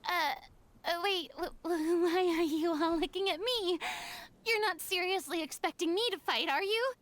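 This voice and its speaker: A woman's voice: very high-pitched, moderate pace, a bit bright. A woman voicing a dramatic, self-pitying former water goddess in game dialogue. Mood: nervous.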